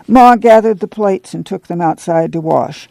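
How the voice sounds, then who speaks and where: Casual: guy reading a novel aloud, super gravelly, dead dry close mic. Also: high-pitched, normal speed, no echo, poor audio. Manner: even storytelling read. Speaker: narrator. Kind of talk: audiobook narration.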